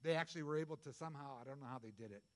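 A middle-aged male pastor preaching a sermon in a conversational, jokey way, jumping from loud bursts to soft asides. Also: medium pitch, racing, in a large hall.

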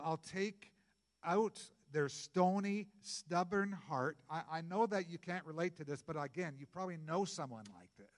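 A middle-aged male pastor preaching a sermon in a conversational, jokey way, jumping from loud bursts to soft asides. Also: a little high, big-room sound.

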